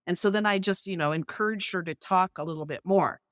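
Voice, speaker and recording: A middle-aged woman, a podcast guest, explaining conversation tips clearly and illustrating them with anecdotes. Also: medium pitch, fairly quick, few pauses, fairly bright tone, no echo, studio quality.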